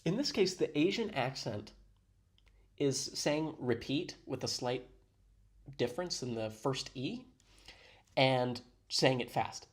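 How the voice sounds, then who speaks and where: A man's voice: medium pitch, lively intonation, takes it slowly, long pauses. A man giving sarcastic, mock-serious commentary on a video he is playing. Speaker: reaction commentator.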